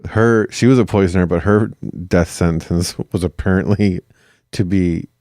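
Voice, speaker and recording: Joking low-voiced male podcast co-host. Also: normal speed, dark tone, dry recording, clean studio sound. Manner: joking, playful, acts out scenes in silly voices. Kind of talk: casual chat.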